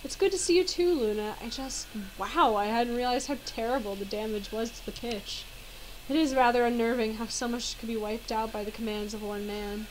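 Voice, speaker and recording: A woman's voice: a little high, moderate pace, a little hiss or hum, close to an everyday voice, low-quality recording. A woman reading the lines of an earnest young wizard hero in her own voice. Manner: reads dialogue aloud plainly.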